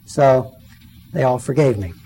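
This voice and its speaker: A man's voice: medium pitch, a little slow, dark tone, low-quality recording. A man in his fifties giving a personal testimony sermon, telling stories and acting out the voices of the people in them. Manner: storytelling, acts out quoted voices.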